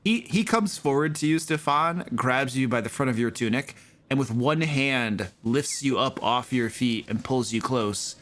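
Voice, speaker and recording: Slow, measured game master. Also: male voice, medium pitch, expressive, a bit bright. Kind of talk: narrating a tabletop game.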